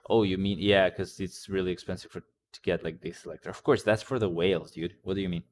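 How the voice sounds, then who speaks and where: A man with a very low voice chats casually through a game's patch notes. He rambles in an offhand way, reads lines aloud and answers chat, swearing now and then. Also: steady tone, fast talker. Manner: occasional swearing. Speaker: gaming channel host.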